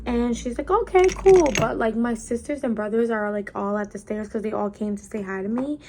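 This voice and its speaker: A young woman vlogger telling a personal story in a casual storytime chat, acting out the quotes in lively voices. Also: medium pitch, brisk, slight background noise. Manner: animated, acts out quotes in changing voices. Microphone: camera mic while doing makeup.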